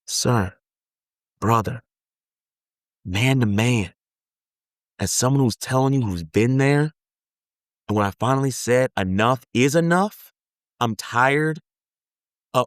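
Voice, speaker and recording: A man's voice: medium pitch, no room sound, clean studio sound. Earnest man giving a motivational talk. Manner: earnest, pleading, repetitive emphasis. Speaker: self-help speaker.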